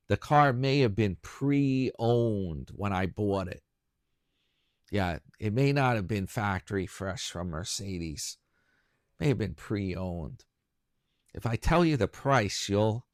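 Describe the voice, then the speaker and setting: A man's voice: on the low side, dry recording, studio quality. A man hosting a casual solo chat for his viewers, rambling and chatty and joking at his own expense. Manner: rambling, chatty, self-mocking. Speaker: YouTube commentary host.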